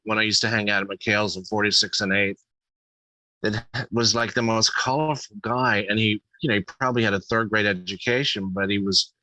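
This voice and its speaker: Halting comedian with a bright, dry voice. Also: male voice, fairly low pitch, steady tone, dry recording, rough recording. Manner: halting, full of restarts and fillers, profane. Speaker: guest, comedian. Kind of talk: casual chat.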